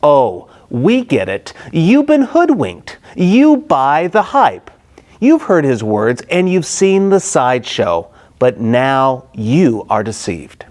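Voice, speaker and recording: A man's voice: medium pitch, wildly swooping pitch, slow pace, darkish tone. A man voicing scornful, indignant Pharisee leaders. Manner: mocking, exasperated.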